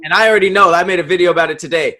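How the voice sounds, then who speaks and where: A man co-hosting a podcast in casual chat, with relaxed, joking banter. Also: high-pitched, rapid-fire. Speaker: podcast co-host.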